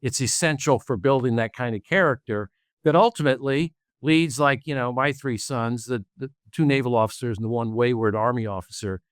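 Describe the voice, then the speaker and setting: A man's voice: mid-range voice, no room sound, studio quality. A middle-aged man speaking as an author and guest in an interview, earnest and listing examples. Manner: earnest, lists examples, quick laughs. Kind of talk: interview conversation.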